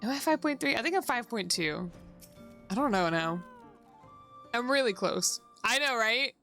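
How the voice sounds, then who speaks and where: Bright chatty woman streamer, laughs a lot, faint music behind. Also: fairly high pitch, expressive, normal speed. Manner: chatty, laughs often, talks to chat. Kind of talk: casual gameplay chat.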